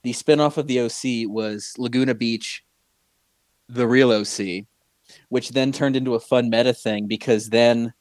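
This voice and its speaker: A man's voice: medium pitch, fairly even intonation, moderate pace, darkish tone, no echo. A man co-hosting a casual chat show, talking in long rambling stretches full of restarts and fillers. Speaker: podcast co-host.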